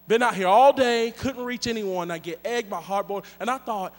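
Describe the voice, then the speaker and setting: A man preaching a sermon, telling a story in an animated, joking, conversational way. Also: high voice, normal speed. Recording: long hall reverb.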